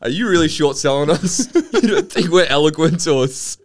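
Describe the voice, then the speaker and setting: A man's voice: fairly high pitch, moderate pace. A man co-hosting a podcast, joking and laughing in casual chat. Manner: joking, laughs often, lively. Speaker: podcast co-host.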